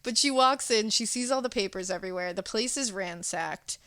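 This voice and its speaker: A woman co-hosts a podcast and recaps a horror movie scene by scene in a lively, chatty way. Her voice sits at an ordinary middle pitch. The recording is dry and close, with no room sound. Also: a little fast, no echo. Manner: animated, chatty retelling with laughs and acted-out quotes. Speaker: podcast co-host. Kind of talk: casual chat recapping a movie.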